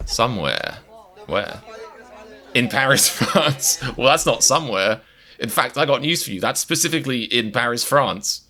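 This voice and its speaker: Lively, bright-voiced joking man host. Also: medium pitch, normal speed, a faint crowd. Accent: mixed, hard-to-place accent. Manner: rambling, self-mocking and jokey. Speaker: reaction channel host. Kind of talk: comedic reaction vlog.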